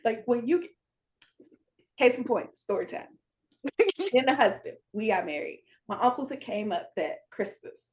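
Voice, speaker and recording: A woman co-hosting a podcast in casual chat, laughing often and reacting with lively interjections. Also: on the high side, moderate pace, long pauses. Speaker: podcast co-host.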